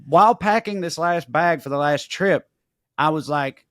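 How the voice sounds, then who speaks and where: Man, podcast co-host, fairly high voice, animated profane storyteller, dry close mic. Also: normal speed, dry recording. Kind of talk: casual storytelling chat.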